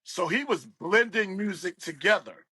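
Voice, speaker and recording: A man's voice: high voice, moderate pace, husky, no room sound, low-quality recording. A middle-aged man from West Virginia, a radio DJ, telling stories as a guest and acting out the people he quotes. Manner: animated storyteller, acts out quoted voices. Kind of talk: storytelling interview.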